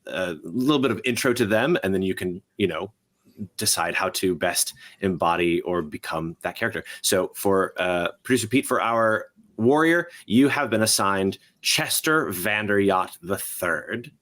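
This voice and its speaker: Casting: male game master, low voice, upbeat, laughs easily. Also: expressive, moderate pace, a bit bright. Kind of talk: hosting a tabletop game.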